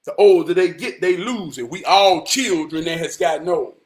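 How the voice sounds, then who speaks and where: A man telling a coaching story and preaching about God, dropping to a hush for some lines, shouting and singing others, in casual Southern slang. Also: on the high side, normal speed, few pauses. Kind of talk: spirited inspirational talk, preaching and singing.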